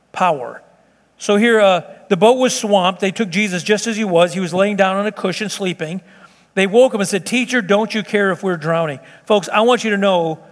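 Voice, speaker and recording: A high-pitched, fairly bright male voice delivers a sermon from the pulpit, pressing each point with forceful repetition. The pastor is recorded in a church sanctuary where the hall reverb trails on.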